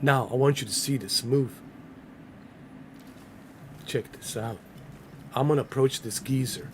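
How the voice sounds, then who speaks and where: A man's voice: mid-range voice, a little slow, a little hiss or hum. A man casually commenting on a game during a livestream, loose and joking as he banters with his chat. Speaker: gaming livestreamer.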